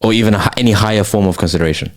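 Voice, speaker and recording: A young man holds forth on a casual late-night podcast, his voice sitting low. He rants with loose slang and frequent swearing. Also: very fast. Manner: ranting, slangy, swears freely. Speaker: podcast host.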